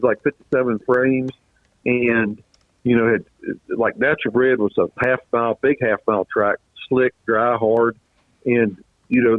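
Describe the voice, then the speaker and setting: Man, 60s, rambling with repeats, coughing, throat-clearing, tinny phone line. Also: mid-range voice, no room sound. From Virginia. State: coughing, choked up. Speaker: guest, retired race car driver. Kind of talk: casual interview storytelling. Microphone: phone call.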